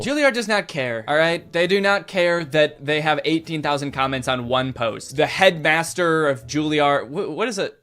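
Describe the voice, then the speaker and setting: A man's voice: a little high, animated, moderate pace, hardly any pauses, a bit bright, smooth. Sarcastic young man doing comedy commentary. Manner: sarcastic, jumps into mocking voices. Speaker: commentary YouTuber.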